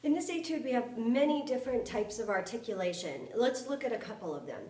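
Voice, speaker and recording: A female flute instructor gives a lesson, counting beats aloud, singing articulation syllables, and demonstrating. Her voice is a little high, expressive, a little fast, and dark in tone. It's heard from a distance in an echoey room, with faint music and flute playing behind.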